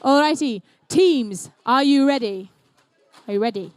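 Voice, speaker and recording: Kiwi woman calling robot matches live, high voice, chatty and jokey, dry close sound. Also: animated, a little slow, darkish tone, no room sound. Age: young adult. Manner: playful, chatty, jokey asides. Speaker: competition emcee. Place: indoor robotics competition venue.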